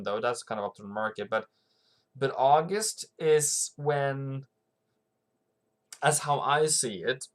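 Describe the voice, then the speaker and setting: A man hosts a relaxed livestream about currency trading. He talks slowly and loosely, restarting his sentences and breaking off to greet viewers from the chat. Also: mid-range voice. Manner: rambling, reads viewer comments aloud, frequent restarts. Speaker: forex trading channel host. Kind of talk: casual livestream market commentary.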